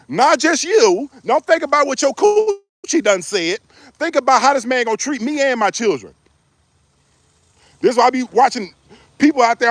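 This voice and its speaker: A man's voice: very high voice, no room sound. A middle-aged man giving relationship advice in a joking, preachy way. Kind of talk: casual advice monologue.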